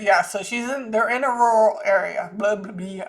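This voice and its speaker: A woman's voice: medium pitch, normal speed. A woman with a Southern US accent, talking casually through a psychic reading and thinking aloud with frequent restarts. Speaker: psychic channeler.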